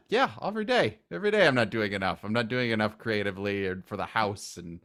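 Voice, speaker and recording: A man who is a guest in a casual interview, talking enthusiastically and rambling, with sudden loud acted outbursts. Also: on the low side, animated, fast talker.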